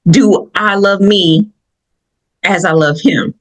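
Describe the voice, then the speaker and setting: A woman from Michigan with a Southern accent, hosting a podcast and telling personal stories in an animated way, laughing often. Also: mid-range voice, slow, low-quality recording. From Michigan, USA. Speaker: podcast host. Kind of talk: personal reflective talk.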